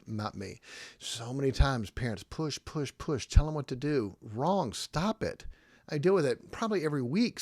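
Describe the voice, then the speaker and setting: A man's voice: medium pitch, no echo, studio quality. A middle-aged man, a pastor, giving casual podcast teaching in a conversational, emphatic way, often checking in with "okay?".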